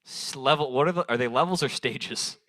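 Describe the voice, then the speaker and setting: Speaking fairly quickly at a medium pitch, this young man has a fairly bright tone and a dry recording. He's doing improvised stand-up crowd work at an open mic on a small bar stage, loose and rambling, swearing and cracking himself up into a handheld stage mic.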